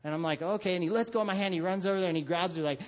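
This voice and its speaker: Man, middle-aged, pastor, sermon, animated storyteller, acts out voices, slightly high voice. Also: racing. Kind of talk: sermon with family stories.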